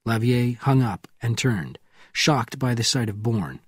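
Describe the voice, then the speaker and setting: A man narrating a thriller audiobook in a measured, steady reading. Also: medium pitch, breathy edge, no echo, clean studio sound.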